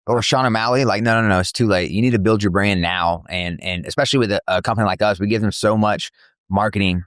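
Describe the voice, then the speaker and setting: This is a man speaking quickly in a somewhat low voice, rattling off stories with casual slang and fillers. The sound is dry and close, with no room around it. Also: dry recording. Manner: fast, animated storytelling with slang and filler words. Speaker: MMA promotion CEO, guest. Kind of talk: casual podcast interview. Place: cafe.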